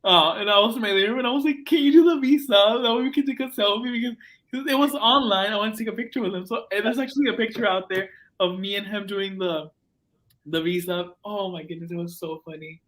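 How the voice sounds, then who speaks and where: Excitable young student host. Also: male voice, high-pitched, fast. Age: young adult. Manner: excitable, gushing storyteller. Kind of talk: casual chat.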